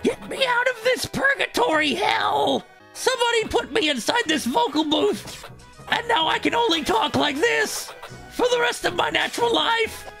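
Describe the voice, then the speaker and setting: A despairing cartoon bobcat, trapped and screaming for release, as a man puts him on in parody. The voice is strained very high and bright, shouted with a gravelly edge. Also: lively intonation, normal speed, faint music behind, exaggerated voice. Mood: anguished. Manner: shrill, screaming, over-the-top parody.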